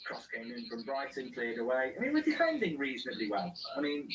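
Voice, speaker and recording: A man hosts a casual live football watchalong, reading out viewer comments and giving his own take on each. His voice sits at an ordinary middle pitch. He sounds set back from the mic, with faint noise in the room behind him. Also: huge pitch swings, brisk, a bit bright, recorded from a distance, rough recording. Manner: reads viewer comments aloud and answers them. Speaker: watchalong host reading chat.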